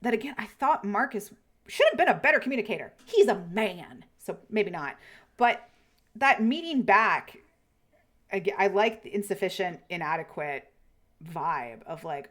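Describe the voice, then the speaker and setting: A woman's voice: medium pitch, moderate pace. Chatty woman podcast co-host. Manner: animated retelling with quoted voices, frequent swearing. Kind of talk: casual chat.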